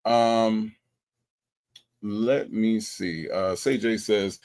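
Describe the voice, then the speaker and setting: A man's voice: lowish voice, steady tone, extremely slow, darkish tone. A man hosting a casual livestream, reading chat comments aloud and joking, often stumbling and repeating himself.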